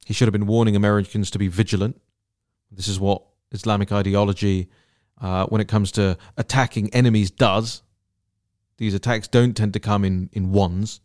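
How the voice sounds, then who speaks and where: A man's voice: on the low side, fairly even intonation, moderate pace, a little mellow, no echo, studio quality. A man hosting a solo political commentary podcast, talking in an indignant, emphatic way and repeating words for stress.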